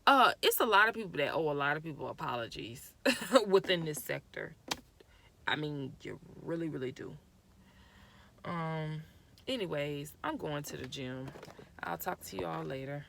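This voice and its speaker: A woman's voice: low voice, expressive, normal speed, gravelly, pauses often, sharp tone, a little hiss or hum. Young woman scolding people in a rant. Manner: exasperated, scolding, addresses people directly. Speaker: vlogger. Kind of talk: ranting commentary to camera.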